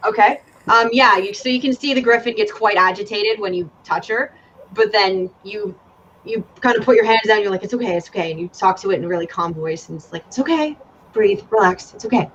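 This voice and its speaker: A woman's voice: mid-range voice, fairly even intonation, a little fast, fairly bright tone. A woman narrating a tabletop game as game master, casual and given to swearing. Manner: casual, swears, draws out descriptions. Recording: dull lo-fi audio with faint ambient noise.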